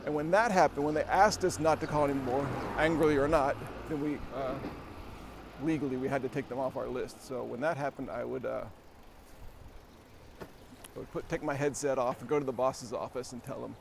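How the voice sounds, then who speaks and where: A man's voice: mid-range voice, fairly even intonation, normal speed, creaky, noisy background. A man telling a rambling, self-deprecating story with little chuckles while riding a bike outdoors, out of breath. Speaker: vlogger. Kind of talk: casual storytelling while cycling.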